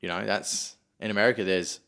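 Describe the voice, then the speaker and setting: Sweary Australian podcast host, lowish voice. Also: male voice, a little fast, vocal fry, smooth. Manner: sweary, animated storyteller, acts out quotes. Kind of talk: casual podcast chat.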